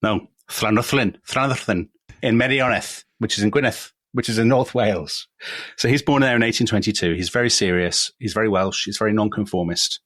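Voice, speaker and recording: English male podcast co-host, lowish pitch, dry close mic, chatty and self-deprecating. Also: fairly even intonation, a little fast, a bit bright, no echo. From England. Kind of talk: casual history podcast chat.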